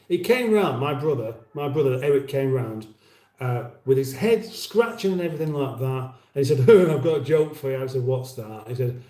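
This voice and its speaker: A man's voice: medium pitch, dark tone, echoey room. A British man in his fifties hosting a casual livestream from his kitchen, reading out viewer comments with rambling, wry banter and frequent restarts. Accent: British English. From England. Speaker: livestream host. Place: home kitchen.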